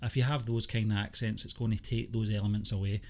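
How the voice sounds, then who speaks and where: A man co-hosting a film review podcast who talks in a relaxed, hesitant way, often agreeing and filling pauses with "you know". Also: on the low side. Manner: hesitant, many ums and you-knows, agreeable. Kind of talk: casual chat.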